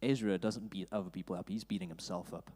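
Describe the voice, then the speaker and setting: A man with a South African accent preaching a sermon in church, reading scripture and rising loud for emphasis. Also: low-pitched, steady tone, fast talker. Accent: South African English. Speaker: pastor. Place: church auditorium.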